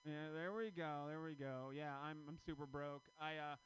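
A man in his thirties doing a stand-up comedy set, telling stories with loud, acted-out quotes. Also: on the high side, normal speed, clean tone, rough recording. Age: 30s. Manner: loud, animated storytelling with shouted acted-out quotes.

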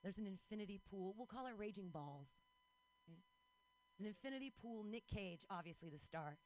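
A woman's voice: medium pitch, animated, brisk, a little mellow, a little hiss or hum, rough recording. A woman hosting a stand-up comedy show outdoors, playful and loose, hyping up the crowd.

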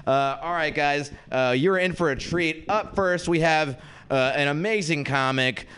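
His voice a little high, clear and resonant, a young man takes his time as he hosts a comedy night and does stand-up. The set is lively and self-deprecating, with mock voices for anyone he quotes, delivered at a comedy venue with a live audience.

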